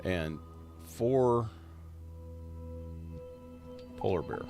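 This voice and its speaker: A man giving casual gameplay commentary on a live stream, relaxed and rambling, coughing often. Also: lowish voice, very slow, soft background music. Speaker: game streamer.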